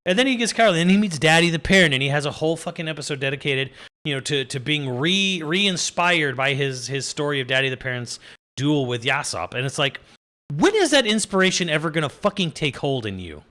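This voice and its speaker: Bright-voiced man ranting casually. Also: on the high side, expressive, fairly quick. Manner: exasperated, swearing, laughing, rambling. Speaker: video reviewer. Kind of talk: casual rant.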